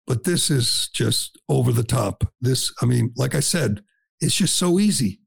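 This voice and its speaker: A male talk radio host with a gravelly, slightly husky voice, recorded close and dry in a studio. He talks in a blunt, sarcastic, combative way, mocking and opinionated. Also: mid-range voice, animated, measured pace, no echo.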